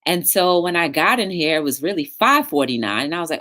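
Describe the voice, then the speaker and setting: A woman's voice: deep voice, expressive, quick pace, sharp tone. A woman hosting a casual livestream talk show, chatting with viewers in the live chat and encouraging them.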